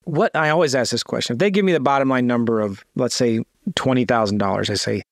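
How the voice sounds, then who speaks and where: A man's voice: mid-range voice, quick pace, dry recording, studio quality. A man teaching a real estate sales script, acting out seller calls with a lifted, eager voice between plain explanation and restarts. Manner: acts out phone lines in a lifted, eager voice; fillers and restarts, talks through a script. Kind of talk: screen-share teaching, casual.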